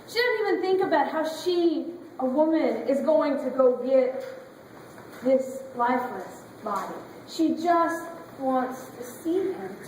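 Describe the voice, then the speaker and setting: High-voiced woman pastor preaching. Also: lively intonation, measured pace, a little mellow, a little hiss or hum. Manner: dramatic storytelling, emotive. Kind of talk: sermon. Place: church sanctuary. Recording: very echoey church from far off.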